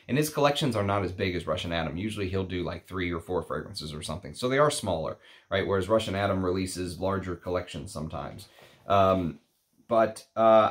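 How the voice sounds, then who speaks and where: A man talking through a fragrance review in a casual, rambling way with lots of fillers and asides. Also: fairly low pitch. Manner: rambling, chatty, many fillers.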